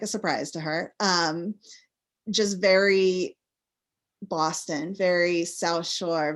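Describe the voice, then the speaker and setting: Chatty lower-voiced woman from Massachusetts. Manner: chatty, rambling, full of fillers. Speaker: guest author. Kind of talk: casual interview chat.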